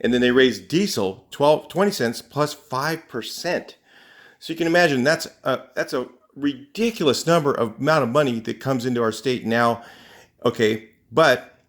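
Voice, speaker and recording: A man's voice: mid-range voice, normal speed. A man from California talking in a casual, rambling rant to camera, indignant, with lots of fillers and restarts. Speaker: vlogger. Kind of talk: casual ranting monologue to camera.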